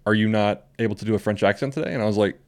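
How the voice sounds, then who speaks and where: A man's voice: fairly low pitch, racing, darkish tone. Rambling, laughing young man telling stories. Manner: rambling storyteller, laughs often. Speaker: podcast co-host. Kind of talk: casual chat.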